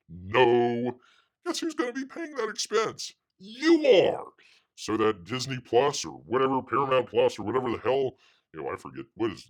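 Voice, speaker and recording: Sarcastic ranting man, lively pitch. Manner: sarcastic, mocking, heavy with filler words. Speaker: livestream show host. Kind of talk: casual ranting commentary.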